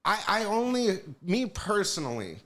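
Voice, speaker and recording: A man on a podcast telling casual stories in an animated, profane way, acting out the voices of people he quotes. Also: high voice, normal speed. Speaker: podcast guest. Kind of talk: casual storytelling.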